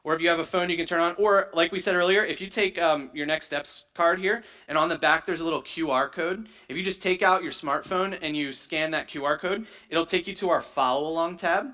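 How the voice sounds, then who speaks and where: A man's voice: fairly high pitch, brisk, hardly any pauses, bright, forceful tone. A man preaching a sermon, teaching in a conversational way and often checking in with "right?". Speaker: pastor.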